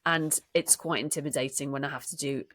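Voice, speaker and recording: Thoughtful, low-voiced woman co-host. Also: fairly even intonation, fairly quick, fairly bright tone. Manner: thoughtful, self-deprecating. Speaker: podcast co-host and voice actor. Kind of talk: casual chat.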